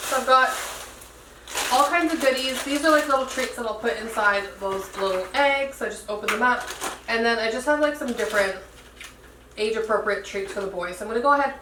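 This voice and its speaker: A woman in her thirties vlogging about her home in a chatty, upbeat way. Her voice sits on the higher side and sounds roomy, picked up from a little way off the mic, with a faint hum of household ambience behind her. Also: distant mic. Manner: chatty, upbeat, lots of fillers. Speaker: homemaking vlogger. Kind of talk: casual vlog narration.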